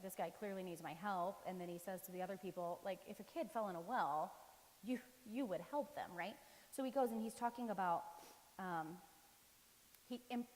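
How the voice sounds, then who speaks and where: A middle-aged woman preaching a casual, conversational sermon, animated and full of ums and likes. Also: mid-range voice, long reverb tail, a little hiss or hum, low-quality recording. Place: church sanctuary.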